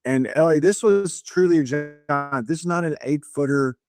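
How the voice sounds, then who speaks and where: A man's voice: on the high side, moderate pace, over music. A middle-aged man, a podcast guest, telling a long story in casual conversation and acting out the dialogue with shifts in tone. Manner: animated retelling, acts out dialogue with shifts in tone.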